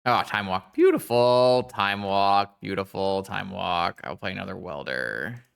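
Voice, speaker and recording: Streamer dude chatting to his viewers while he plays, bright crisp voice, gets excited fast. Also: sits low. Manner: chatty, excitable, thinks aloud and talks to chat. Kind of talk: live-stream gameplay commentary.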